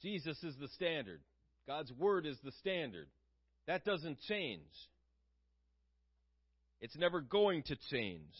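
A man's voice: on the high side, big pitch swings, slow, long pauses, breathy edge, dull audio. A man preaching a sermon in an earnest, conversational way, asking his listeners questions.

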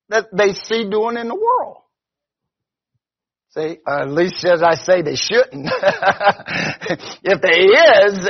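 A man's voice: high-pitched, breathy edge. A man preaching a conversational sermon as pastor, often stopping to ask "see?". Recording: dull lo-fi recording.

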